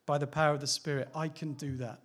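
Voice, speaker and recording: A pastor preaching with a slightly higher-than-average voice. He talks in a candid, conversational way, often asks his listeners questions and laughs lightly. It is a relaxed sermon, not a formal address. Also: quick pace.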